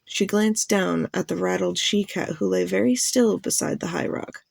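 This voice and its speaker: Give me a woman narrating a novel aloud, plain and even, with a strong gravelly texture. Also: fairly low pitch, normal speed, no echo. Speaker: fan audiobook reader.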